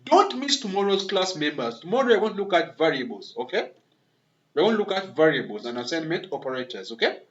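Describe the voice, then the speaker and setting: Man, coding instructor, screen-recorded lesson, repeats himself, keeps asking okay, encouraging, fairly high voice, muffled lo-fi sound. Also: big pitch swings, a little fast. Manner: encouraging, addresses viewers as members and guys. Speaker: web development instructor.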